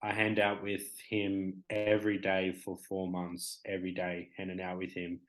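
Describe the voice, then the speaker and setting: A man's voice: deep voice, completely flat delivery, moderate pace, rough recording. A man in his twenties with an Australian accent, a talk show guest speaking candidly and rambling with many fillers. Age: 20s.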